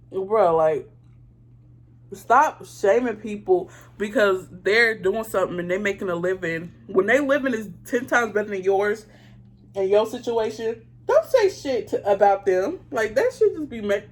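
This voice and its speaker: Blunt, fired-up woman vlogger. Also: medium pitch. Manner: indignant, blunt and profane, talks straight to viewers. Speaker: beauty vlogger. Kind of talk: casual storytime chat while doing makeup.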